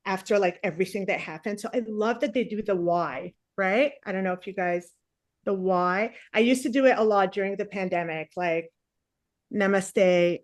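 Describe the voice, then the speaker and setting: Forties female comic, rambling self-mocking storyteller, mid-pitched voice, dry close recording. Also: dry recording. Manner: chatty, self-mocking, acts out quotes. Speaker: stand-up comedian. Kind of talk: stand-up comedy storytelling.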